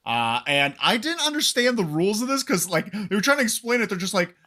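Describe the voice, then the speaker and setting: A man co-hosting a casual wrestling recap podcast, animated and swearing freely as he acts out what people said. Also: sits high, a little fast. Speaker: podcast co-host.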